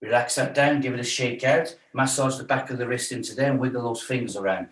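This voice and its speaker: A man's voice: mid-range voice, steady tone, fast talker, fairly bright tone. Man, stretch class instructor, chatty coaching, echoey room, distant mic. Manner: chatty, jokey coaching with counted holds. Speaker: fitness instructor. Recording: roomy sound from a distance.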